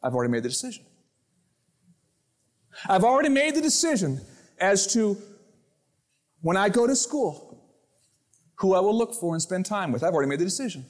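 A man preaching a sermon to his congregation, lively, acting out the voices in his quotes and stories. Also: high voice, normal speed, pauses often. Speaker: pastor. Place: church sanctuary.

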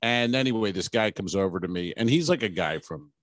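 On a comedy podcast, a male co-host tells a story bluntly and laughs at himself in casual banter. His voice is fairly low, with lively intonation and a fairly quick pace, recorded dry.

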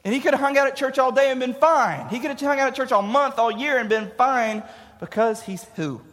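A man gives a casual, joking youth sermon and laughs at his own jokes. His voice is high, and it rings out with a long hall reverb. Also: a little fast, a bit bright. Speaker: youth pastor.

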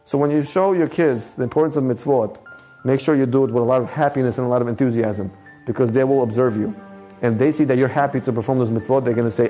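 A man's voice: medium pitch, fast, darkish tone, soft background music. A man giving a short recorded Torah lesson as a rabbi, speaking emphatically, repeating his points and using Hebrew terms.

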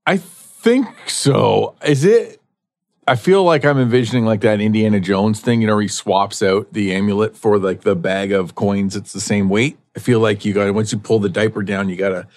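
A man co-hosting a podcast, bantering and cracking quick jokes in casual chat. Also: fairly low pitch, a little mellow. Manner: joking, quick quips. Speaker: podcast co-host.

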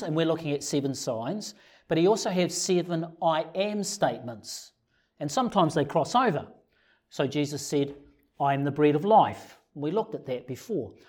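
A man's voice: on the high side, a little mellow. A man preaching a sermon in a conversational way, often putting rhetorical questions to his congregation. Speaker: pastor.

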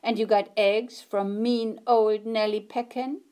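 A woman voicing a gentle old grandmother whose voice is soft and steady, read aloud as part of a storybook. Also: mid-range voice, slow pace, natural voice. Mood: encouraging.

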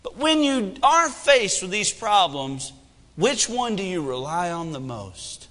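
A man in his thirties preaching a sermon with animated delivery and humor. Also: high-pitched, slow, in a large hall. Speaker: pastor.

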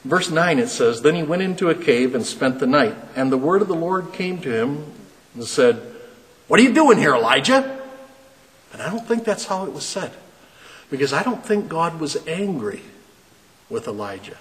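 A man preaching a sermon, reading scripture dramatically and then explaining it in a lowered, earnest voice. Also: lively intonation, normal speed. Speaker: pastor. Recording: long reverb.

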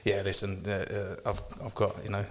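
A male podcast host talks casually in a low, flat voice, circling his point with restarts and fillers. The sound has a long reverb, as if the room is large. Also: normal speed. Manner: rambling, many restarts and fillers, warm praise. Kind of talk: casual chat.

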